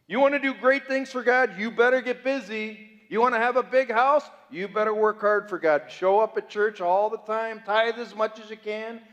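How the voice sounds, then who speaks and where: A man's voice: high-pitched, moderate pace, hardly any pauses, fairly bright tone, dull audio. A man preaching as a pastor, conversational and joking, full of rhetorical questions to the congregation. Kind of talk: sermon. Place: church sanctuary. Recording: reverberant church hall.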